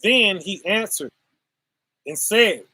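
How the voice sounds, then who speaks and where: A man's voice: sits high, expressive, slow, pushed and bright, dry recording. A man preaching informally on scripture in a folksy, repetitive way, tagging his points with "right?" and "y'all".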